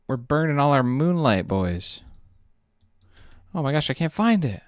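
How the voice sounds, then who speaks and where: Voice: mid-range voice, moderate pace, long pauses, no room sound, clean studio sound. An indie animator on a live stream, narrating each modeling step and hyping their own speed to chat. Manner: excitable, hypes up own speed, talks to chat. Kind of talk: livestream commentary while 3D modeling.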